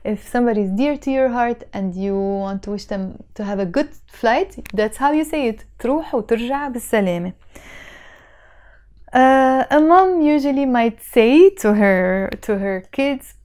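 A woman's voice: a little high, animated, moderate pace, a little mellow, smooth. A young woman with a Lebanese Arabic accent, patiently explaining and repeating phrases in a language lesson. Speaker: language teacher.

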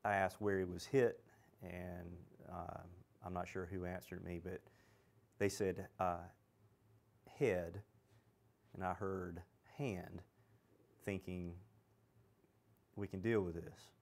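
A man, an emergency medic, recalling treating patients in a halting way with many fillers in a documentary interview. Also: low-pitched, flat delivery, a little mellow.

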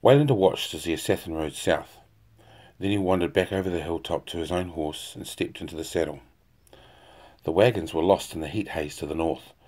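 A man reading a fantasy novel aloud in a steady, unhurried voice. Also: deep voice. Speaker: audiobook narrator.

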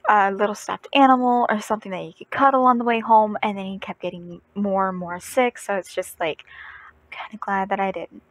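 A woman's voice: medium pitch, poor audio. A young adult woman telling a rambling family story in a casual vlog, often correcting herself and laughing. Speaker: vlogger.

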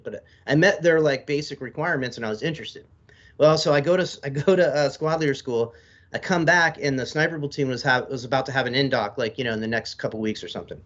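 Male, 40s, podcast guest, rambling swearing storyteller, middle pitch, lo-fi mic. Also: fast, fairly bright tone. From United States. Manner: profane, rambling, laid-back storyteller. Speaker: podcast guest, military veteran. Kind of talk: casual storytelling in an interview. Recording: slightly dull lo-fi audio.

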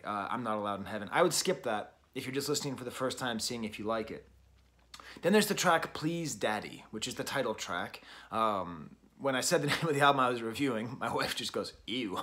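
A man's voice: mid-range voice, a bit bright. Chatty man reviewing an album. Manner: chatty, musing, self-correcting with fillers. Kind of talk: casual spoken review.

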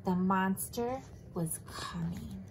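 A woman teacher reading a picture book aloud to children and explaining it in a lively way. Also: mid-range voice, slow, gravelly, noisy background. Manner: animated, explaining to kids.

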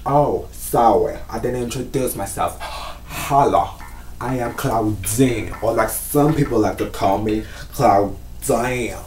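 A man voicing a sassy, bossy young woman who loudly scolds and keeps asking "okay?". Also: medium pitch, unhurried, a little hiss or hum, lightly acted. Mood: chatty. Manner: loud, scolding, repeats "okay?". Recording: echoey room, mic at a distance, faint music.

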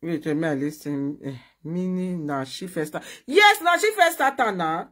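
A woman's voice: fairly low pitch, sing-song, measured pace, fairly bright tone. A woman speaking Nigerian Pidgin, a talk show host in a heated casual chat, brash and scolding, repeating her points.

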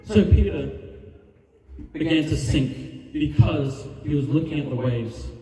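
A man's voice: on the high side, unhurried, mellow. A man preaching an evangelist's sermon with passion, building to a fervent altar call and prayer. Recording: roomy hall reverb, distant mic. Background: music under the preaching.

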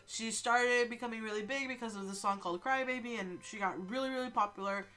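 A young woman with a high voice talks fast while streaming a game live, sick and stuffed up. She's animated, jokes around, and swears a lot, with faint game music playing behind her.

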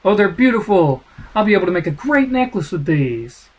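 A man reading the lines of a gentle, wistful young village girl in a video game, soft and earnest. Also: sits high, very animated, fairly quick, breathy edge, voice pushed up, heavily acted, rough recording.

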